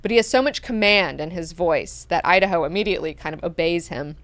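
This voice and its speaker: A woman hosting a book club, recapping chapters in an animated, slangy, profane way. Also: fairly low pitch, fast talker, no room sound.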